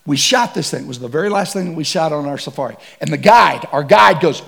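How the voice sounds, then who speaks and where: A man preaching to a men's gathering, telling a comic safari story with bursts of shouting and laughter. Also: a little high, fast, creaky. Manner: animated, shouts and laughs through stories. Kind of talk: comedic sermon storytelling.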